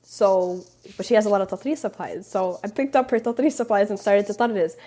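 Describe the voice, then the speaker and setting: A woman's voice: medium pitch, brisk, dark tone. A young woman guest on a podcast, telling stories in a loose, chatty way, full of fillers and little laughs. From Palestinian, raised partly in Canada. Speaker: podcast guest, embroidery teacher. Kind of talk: casual storytelling interview.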